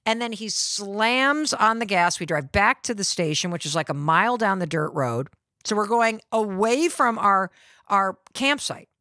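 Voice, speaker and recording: A middle-aged woman hosting a podcast, telling a personal story in an animated, dramatic way. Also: medium pitch, a little slow, no room sound, studio quality. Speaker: podcast host.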